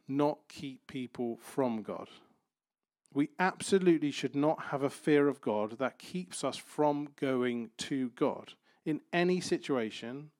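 A man's voice: medium pitch, darkish tone, no echo, clean studio sound. Man preaching a conversational sermon. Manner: conversational preaching with playful everyday examples. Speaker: pastor.

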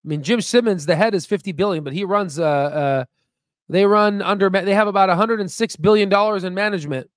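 Man, stock video host, higher voice, dry close sound, rambling, repeats himself, excitable. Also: a little fast, no echo. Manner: rambling, repetitive, emphatic; self-promoting, excitable. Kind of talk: casual screen-share commentary.

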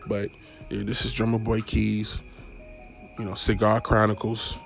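Low, flat-voiced young man rambling. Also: a little slow, creaky, soft background music. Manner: rambling, stumbling over words, swearing. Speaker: podcast host. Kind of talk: casual solo podcast monologue.

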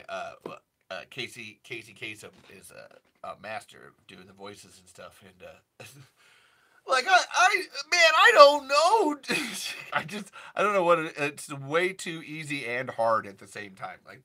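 Bright-voiced rambling stream host. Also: mid-range voice. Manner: rambling, restarts, shifts into impressions. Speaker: livestream host. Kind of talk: casual livestream chat.

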